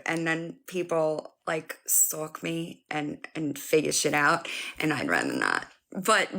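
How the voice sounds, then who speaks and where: A woman with a low-leaning, gravelly voice chats casually with viewers on a phone live stream. She's animated, swears, and laughs often.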